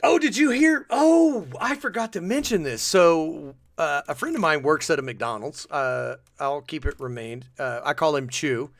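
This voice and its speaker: A man co-hosting a podcast, chatting casually and telling rambling, animated stories. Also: on the high side, moderate pace, few pauses, no room sound. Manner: rambling, animated storytelling with restarts. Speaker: podcast co-host. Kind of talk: casual chat.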